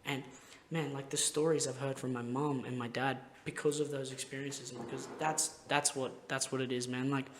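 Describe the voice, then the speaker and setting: A man's voice: medium pitch, flat delivery, normal speed, few pauses, a bit bright, slight background noise. A young man hosting a podcast, telling rambling, heartfelt stories in casual chat and swearing constantly. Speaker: podcast host.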